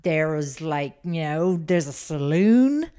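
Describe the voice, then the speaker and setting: Smooth low-voiced woman telling a story. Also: expressive, slow, mellow. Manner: rambling storyteller, many fillers. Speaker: podcast co-host telling the story. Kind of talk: casual chat.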